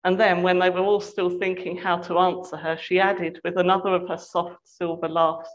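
A woman reading a novel aloud in a measured, expressive storytelling voice. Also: on the low side, lo-fi sound. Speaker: reader.

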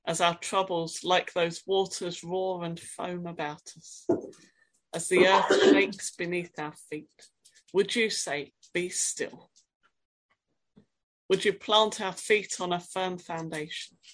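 Woman preacher, lowish voice, reflective sermon delivery, asks gentle questions, reads scripture dramatically. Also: fairly even intonation, slow pace.

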